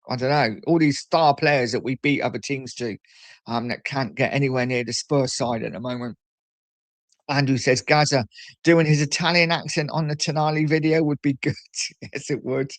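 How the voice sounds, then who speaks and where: A man's voice: mid-range voice, normal speed, dry recording. A middle-aged man hosting a casual livestream, chatting and reading viewer comments aloud. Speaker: livestream host.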